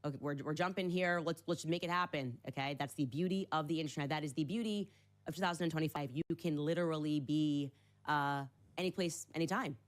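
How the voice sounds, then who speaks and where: A woman hosting a livestream, talking to her viewers in an upbeat, quick way. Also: sits low. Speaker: livestream host. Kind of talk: casual livestream talk.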